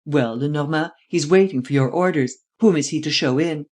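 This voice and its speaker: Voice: medium pitch, a little mellow, natural voice. Valenglay, an impatient blustering statesman, as a reader puts him on. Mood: urgent. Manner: brisk, exclamatory, pushes for quick results. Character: impatient male head of government, blustering.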